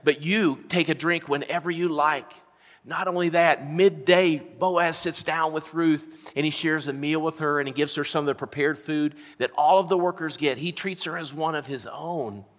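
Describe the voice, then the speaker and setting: A man preaching a sermon to a congregation, with dramatic pauses, leading them in repeating a word aloud. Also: fairly high pitch, steady tone. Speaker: pastor. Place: large church hall. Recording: long hall reverb.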